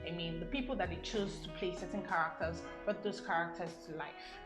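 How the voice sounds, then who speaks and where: A woman's voice: on the low side, fairly even intonation, brisk. A young woman with a Nigerian accent chatting casually as she reviews a film, rambling with "um" and "I mean" asides. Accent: Nigerian English. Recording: roomy sound with music behind.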